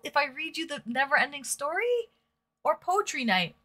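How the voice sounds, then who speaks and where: A woman's voice: sits high, lively intonation, moderate pace, sharp tone. A woman hosting a live stream in casual chat, reading viewers' messages aloud and answering them.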